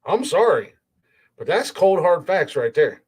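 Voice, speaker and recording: Podcast host, male, slightly raised pitch; blunt, profane, fired-up monologue full of restarts. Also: big pitch swings, unhurried, darkish tone, breathy edge. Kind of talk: opinionated solo podcast rant.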